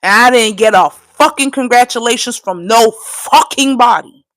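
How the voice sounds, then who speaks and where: High-voiced tearful woman ranting. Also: normal speed, fairly bright tone. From Trinidad. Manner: profane, impassioned, insistent. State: fighting back tears. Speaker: livestreamer. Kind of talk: emotional live-stream rant.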